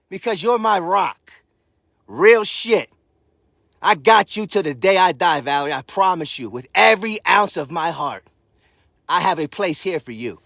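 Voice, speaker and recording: A man giving a profane, defiant rant to his followers, often breaking into shouts. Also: high voice, animated, measured pace, gravelly, no room sound, clean studio sound. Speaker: social media creator. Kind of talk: ranting monologue to his followers.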